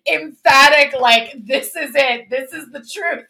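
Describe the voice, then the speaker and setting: A woman's voice: high-pitched, measured pace. A young woman co-hosting a casual podcast chat, telling stories with lots of laughter and swearing. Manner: animated, laughing storyteller who swears. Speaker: podcast co-host.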